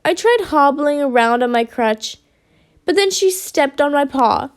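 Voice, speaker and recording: A woman reading a children's storybook aloud with lively expression. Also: sits high, a little slow.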